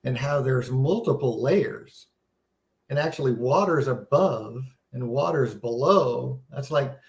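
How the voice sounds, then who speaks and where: A man's voice: mid-range voice, lively intonation, takes it slowly, creaky, echoey room. A man giving a casual, earnest Bible seminar talk, teaching conversationally with many restarts and a sense of wonder. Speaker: seminar presenter.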